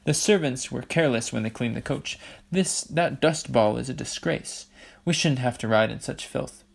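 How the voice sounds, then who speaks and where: A man's voice: mid-range voice, normal speed, vocal fry, breathy edge. A man voicing a haughty, bossy teenage girl in a storybook reading, commanding and falsely sweet. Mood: imperious.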